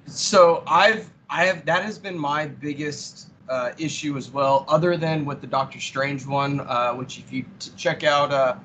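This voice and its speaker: A man's voice: fairly high pitch, a little slow, hardly any pauses, a bit bright, a little hiss or hum, low-quality recording. A man co-hosting a podcast, giving blunt, critical opinions in casual chat. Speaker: podcast co-host.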